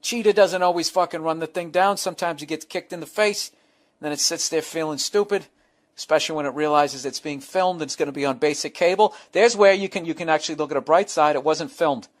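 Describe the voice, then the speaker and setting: A man's voice: a little high, brisk. A middle-aged man hosting a podcast, reading fan letters and riffing bluntly with profane asides. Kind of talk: casual podcast monologue.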